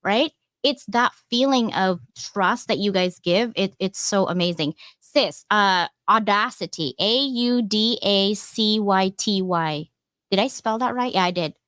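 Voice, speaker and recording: A woman hosting a casual panel chat, rambling with many asides and acting out quoted dialogue in lively bursts. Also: medium pitch, unhurried, no room sound.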